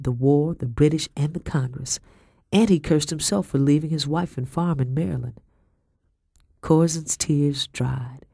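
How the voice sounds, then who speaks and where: A woman reading a first-person story aloud in a measured, grave way. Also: low voice, gravelly, dark tone, dry recording, clean studio sound. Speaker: audiobook narrator.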